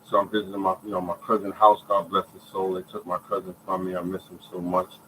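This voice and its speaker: A man telling his own story in a casual, animated way, repeating phrases and checking in with listeners. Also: deep voice, fast talker, a little hiss or hum, rough recording. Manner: animated storytelling, many repeated phrases, often asks "you hear me". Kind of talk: casual spoken testimony.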